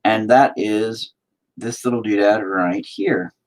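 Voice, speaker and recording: A man's voice: fairly low pitch, steady tone, slow pace. A man rambling casually to his stream while he paints, swearing constantly and joking. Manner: profane, rambling, jokey. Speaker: streaming artist.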